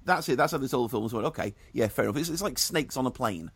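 A middle-aged man trades film and music verdicts in casual radio chat. His delivery is dry and sardonic, with a lively, swooping pitch. The sound is close and dry, with no room around it. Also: fast, husky, no echo.

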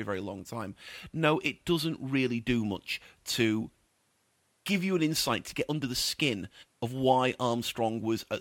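A man's voice: medium pitch, a bit bright, no echo. A man working as a film critic, giving a scathing, opinionated review in casual chat.

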